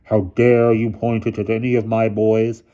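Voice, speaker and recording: A man's voice: fairly low pitch, flat delivery, normal speed, highs cut off, pitched above the performer's own voice, close to an everyday voice. A man reading aloud, voicing a stern, commanding older headmaster with a clipped delivery. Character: stern older male headmaster, icy temper.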